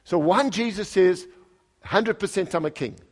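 A pastor preaching a conversational sermon. He reads scripture aloud with lively emphasis and puts questions to the congregation. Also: high-pitched, moderate pace.

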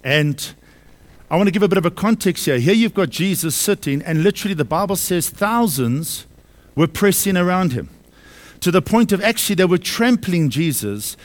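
Male pastor, slightly raised pitch, emphatic sermon delivery with repeated lines and rhetorical questions. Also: lively intonation, moderate pace. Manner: emphatic, repeats key phrases and asks the congregation questions. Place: church service.

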